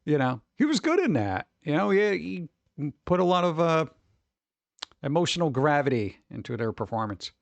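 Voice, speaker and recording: A man's voice: a little high, big pitch swings, moderate pace, vocal fry, no room sound, highs cut off. A man in his forties rambling casually as a stream host, chatty and wry, tossing in asides and muttered reactions.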